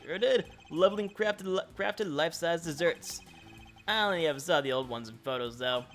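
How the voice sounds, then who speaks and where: A man voicing a boisterous, joking older male photographer friend who teases loudly and stretches out his exclamations. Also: on the high side, faint music behind. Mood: jovial. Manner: loud, teasing, drawn-out exclamations.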